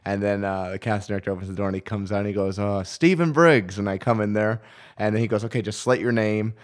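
A man's voice: on the low side, flat delivery, fast talker, darkish tone. A young man casually telling a long, rambling story with many fillers as a guest in a chat.

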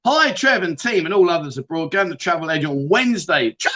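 A man's voice: fairly high pitch, lively intonation, a little fast, hardly any pauses, background noise. A man hosting a casual livestream, reading out viewer comments and teasing them with banter. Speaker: livestream host.

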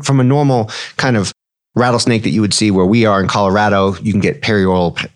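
A man in his thirties, a physician co-host, explaining medical topics in a relaxed podcast chat, mixing clinical terms with slang. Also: deep voice.

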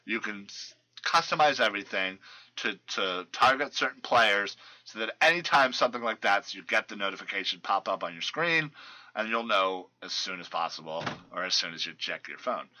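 A man's voice: fairly low pitch, animated, moderate pace, pushed and bright, low-quality recording. A man hosting a casual sports podcast, rambling through player news with lots of fillers and restarts. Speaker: fantasy football podcast host.

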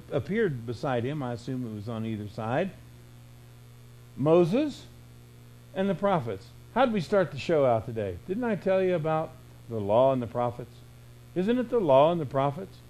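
A man preaching a sermon, emphatic and full of rhetorical questions, swinging between loud bursts and hushed lines. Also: a little high, low-quality recording. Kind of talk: radio sermon.

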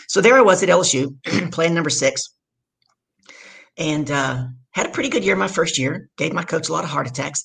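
A woman from the Deep South, a guest on a podcast, telling her story in a loud, energetic way. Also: vocal fry, husky. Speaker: guest, leadership coach.

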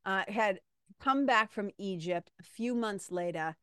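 A middle-aged woman tells a personal story in a chatty podcast monologue. She talks straight to her listeners and keeps an animated, conversational flow. Her voice sits at a mid pitch, and the recording is close and dry. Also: measured pace, clean tone, no echo. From Massachusetts, USA. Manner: chatty and animated, addresses listeners as "you guys". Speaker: podcast host.

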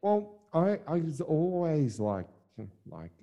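A man's voice: on the high side, sing-song, slow, mellow. A young adult man co-hosting a podcast, speaking candidly and thinking aloud, with lots of "like" and some mild swearing. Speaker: podcast co-host, musician. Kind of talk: casual chat.

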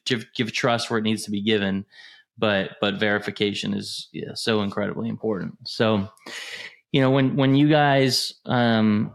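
A man hosting a podcast interview, asking long, hesitant questions with many restarts. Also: on the low side. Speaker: podcast host.

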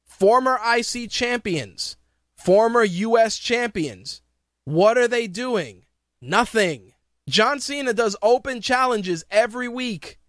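A man's voice: extremely high pitch, takes it slowly, a bit bright, no room sound, studio quality. A man hosting a podcast, ranting profanely and sarcastically in opinionated wrestling talk. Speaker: podcast host.

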